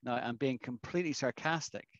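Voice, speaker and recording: A man's voice: medium pitch, brisk, no room sound. A man leads an online English lesson over a video call. His voice sounds dry and a little dull. He explains expressions patiently and keeps checking in with the class. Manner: explanatory, asks the class questions. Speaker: English teacher.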